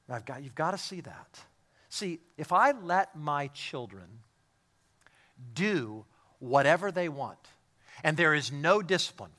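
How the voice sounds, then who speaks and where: A man preaching a sermon as a pastor, swinging from hushed, quiet lines to loud, emphatic ones and repeating phrases for emphasis. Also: on the high side, sing-song, unhurried.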